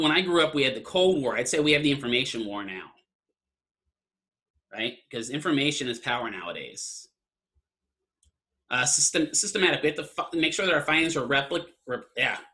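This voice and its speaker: Bright-voiced man lecturing casually. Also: medium pitch, animated, brisk. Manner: conversational, keeps asking "right?". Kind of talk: online class lecture.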